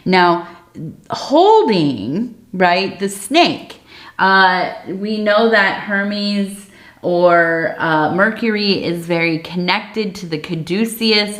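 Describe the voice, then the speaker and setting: Woman, ASMR tea leaf reading, unhurried, slightly low voice, soft and rambling. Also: reverberant. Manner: soft, meandering, many fillers.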